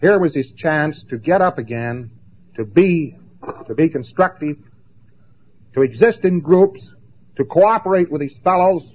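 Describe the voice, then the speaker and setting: A man lectures in a husky, slightly high voice, pressing his points with dramatic pauses and mocking asides. The sound is thin and tinny, like an old lo-fi tape heard over a phone line. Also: lively intonation.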